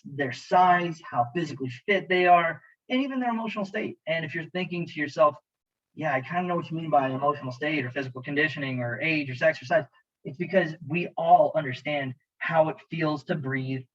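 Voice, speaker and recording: A man narrates a slideshow lecture as an EMT instructor, chatty and joking and speaking straight to his students. His voice sits a bit high. The recording is dull and lo-fi. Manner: jokey, conversational, talks to students directly.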